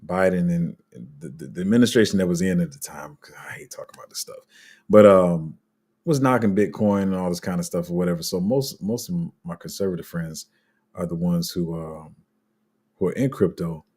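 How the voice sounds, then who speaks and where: A man with a deep, slightly mellow, breathy voice talks a little fast. He hosts a crypto channel and offers casual, unscripted commentary to viewers, rambling loosely with lots of fillers and restarts.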